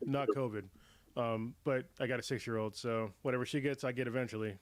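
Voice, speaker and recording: Man in his thirties, livestream host, easygoing chat, slightly hoarse, mid-pitched, dry close sound. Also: brisk, no echo. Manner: relaxed, laughs often, trails off. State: getting over a cold. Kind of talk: casual chat.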